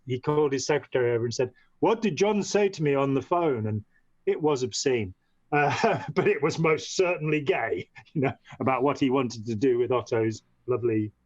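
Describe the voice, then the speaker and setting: A man's voice: mid-range voice, dry recording. A man telling a long story as a podcast guest, rambling and restarting with frequent "you know". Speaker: podcast guest, former member of a movement. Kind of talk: long-form storytelling in conversation. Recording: dull, dry lo-fi audio.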